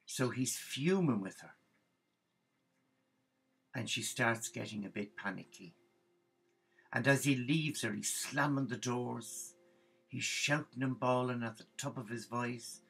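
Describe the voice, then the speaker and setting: A man telling a comic story in a lively narrating way, slipping into character voices. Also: mid-range voice, measured pace, creaky, pauses often, breathy edge, rough recording. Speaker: religious storyteller.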